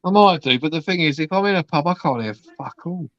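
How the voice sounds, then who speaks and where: A man hosts a casual live stream chat, telling stories, swearing freely and acting out the people he quotes. His voice is a little high, fast and fairly bright, captured in a dull, dry lo-fi recording.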